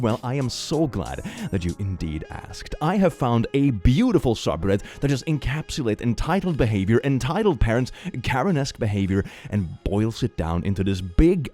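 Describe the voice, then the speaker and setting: Playful male reaction host with lively pitch. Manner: playful and theatrical, jumps into high excited squeals. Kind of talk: reaction commentary reading posts.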